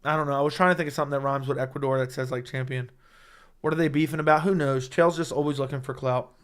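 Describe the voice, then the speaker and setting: A young man hosting a casual fight-talk livestream, excitable and rambling, swearing often, with a voice he says is going hoarse. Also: mid-range voice, fast talker. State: losing his voice. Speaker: MMA livestream host. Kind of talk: casual livestream chat reading chat.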